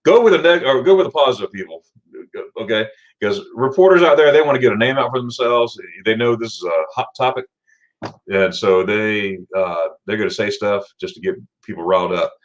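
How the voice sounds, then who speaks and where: A middle-aged man from Florida hosting a casual livestream, chatting and greeting viewers by name with sudden excited jumps in pitch. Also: brisk. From Florida, USA. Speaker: livestream host. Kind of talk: casual livestream chat reading viewer comments.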